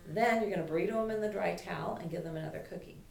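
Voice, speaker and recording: Chatty woman dog trainer, lower voice. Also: racing, creaky. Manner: chatty, voices the dog's thoughts. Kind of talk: puppy class lecture. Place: classroom. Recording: echoey room from far off, faint noise.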